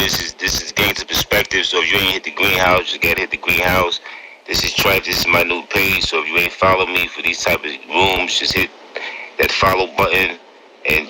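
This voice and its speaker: A deep-voiced man with a Brooklyn accent runs a live audio room, full of street slang and quick "copy, bro" replies. The line carries clear background noise. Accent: New York. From Brooklyn, New York. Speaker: room host.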